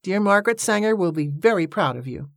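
A woman's voice: lowish voice, animated, fairly quick, no echo, clean studio sound, pitched above the performer's own voice. A woman reading as a pompous, lecturing suffragist leader. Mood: indignant, declaiming. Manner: pompous, declaiming. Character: haughty indignant woman activist leader. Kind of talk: audiobook character reading.

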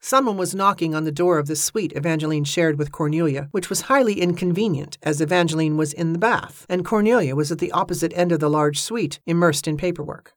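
A woman narrates a novel in a steady, even storytelling manner. Her voice sits on the lower side. The recording is dry and close, with no room sound. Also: fairly quick, few pauses, dry recording. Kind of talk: audiobook narration.

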